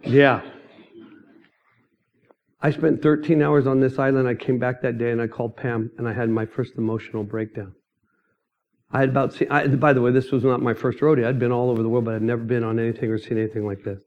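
A middle-aged man telling his mission testimony as a sermon, emphatic and storytelling, breaking into sudden loud outbursts. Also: medium pitch, fairly even intonation, brisk, highs cut off.

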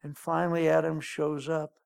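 A man's voice: on the high side, monotone, moderate pace, creaky, a little mellow, clean tone. A man preaching a sermon, telling the story in a folksy, joking way.

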